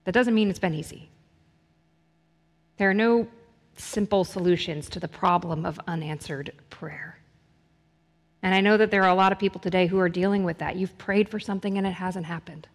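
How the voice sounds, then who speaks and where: A woman's voice: fairly low pitch, normal speed, long pauses. A woman preaching a sermon in an earnest way, building intensity through repeated phrases. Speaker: pastor. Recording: long hall reverb.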